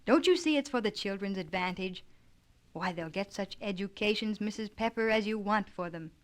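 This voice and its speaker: A gruff old grandfather, impatient and used to giving orders, as a woman reads him aloud. He talks in a brusque, commanding way, somewhat louder than the storyteller around him. A storybook character in an audiobook. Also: mid-range voice, moderate pace, natural voice.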